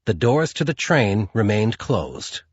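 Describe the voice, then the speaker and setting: A man reading a romance audiobook in a scripted narration style, with a husky voice. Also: takes it slowly, no room sound. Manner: lively, voicing characters with raised pitch. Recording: dull lo-fi dry recording.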